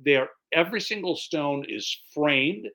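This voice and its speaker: Chatty preacher, man with a higher voice. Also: normal speed. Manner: relaxed, chatty, explains as he goes. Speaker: pastor. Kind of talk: conversational sermon with scripture reading.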